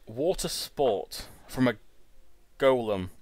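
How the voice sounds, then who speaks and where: A man's voice: mid-range voice, animated, slow pace, a little mellow, no echo. A young man in his twenties hosting a let's-play, rambling casually and tripping over his words. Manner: chatty, rambling, stumbles and repeats words. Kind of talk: casual gameplay commentary. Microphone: home recording setup.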